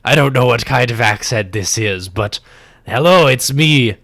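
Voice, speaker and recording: A man voicing a rough male woodsman in a put-on pirate-like accent, talking loudly and bluntly. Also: medium pitch, animated, unhurried, dry recording, studio quality. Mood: urgent.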